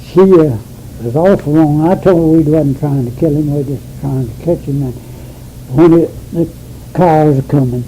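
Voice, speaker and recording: A man's voice: on the high side, moderate pace, dark tone, a little hiss or hum, rough recording. An older man, telling a rambling, folksy story as an interviewee and chuckling as he goes. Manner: rambling, folksy, laughs as he tells it.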